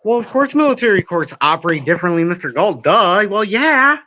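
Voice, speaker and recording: A man's voice: high-pitched, sing-song, a little fast, bright, forceful tone. Rambling, swearing man on a live stream. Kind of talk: casual live-stream commentary reading chat. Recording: dull lo-fi stream audio.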